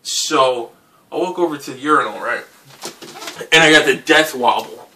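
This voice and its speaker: A young man telling a drunken story in casual, animated speech, swearing and asking "right?" again and again. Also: medium pitch, normal speed, recorded from a distance. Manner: animated, swearing, says "right?" and "dude" often. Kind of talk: casual anecdote.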